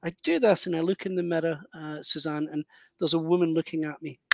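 A middle-aged man, a medium telling an animated personal story in an interview. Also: a little high, brisk, creaky, no room sound. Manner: animated, vivid anecdotal storytelling with self-interruptions. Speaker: spiritual medium guest. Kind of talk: storytelling in conversation.

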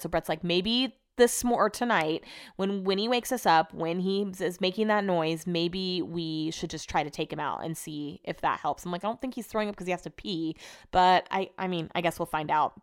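A young woman hosting a podcast, telling home stories in a casual, chatty way, swearing freely and acting out quotes in a higher voice. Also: moderate pace, clear, resonant tone. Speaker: podcast host. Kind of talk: casual storytelling chat.

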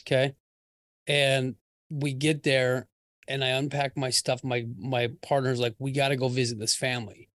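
Male guest from Arizona, lively comic storyteller, dry close-miked sound. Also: medium pitch, normal speed, no echo. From Arizona, USA. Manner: lively, vivid storyteller acting out his own lines. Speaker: podcast guest. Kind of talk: casual chat and comic storytelling.

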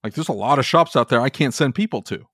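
A man's voice: medium pitch, animated, fast, fairly bright tone, slightly rough, no room sound, studio quality. A man co-hosting a podcast, talking in an exasperated, heated way and swearing casually. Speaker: podcast co-host. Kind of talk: animated ranting podcast conversation.

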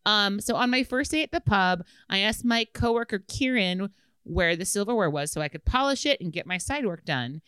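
A woman's voice: mid-range voice, animated, moderate pace, a bit bright, clear, resonant tone, no echo. A woman co-hosting a podcast, reading a listener's letter aloud in casual chat, laughing often and swearing freely. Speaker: podcast co-host.

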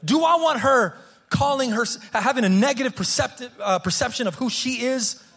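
A pastor in his thirties delivers a sermon in a high voice with a husky edge. He speaks earnestly and often doubles back on his words before pushing the point home. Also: moderate pace, a bit bright. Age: 30s. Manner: earnest, repeats words as he restarts phrases.

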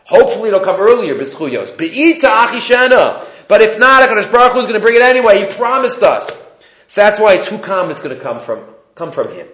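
A man's voice: high voice, big pitch swings, brisk, fairly bright tone, roomy sound, poor audio. A man teaching a class in a conversational lecturing way, asking rhetorical questions.

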